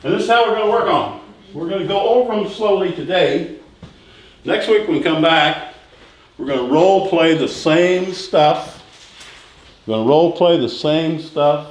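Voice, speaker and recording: A middle-aged man teaching a sales training class, repeating key phrases and quizzing the room with quick questions. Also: a little high. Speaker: real estate sales instructor. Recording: echoey room with faint noise.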